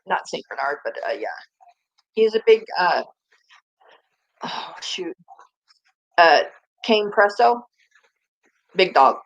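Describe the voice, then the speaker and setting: A woman's voice: fairly high pitch, fairly bright tone, rough recording. A woman vlogger chatting casually and rambling, often turning to talk to her dogs. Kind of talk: casual chat.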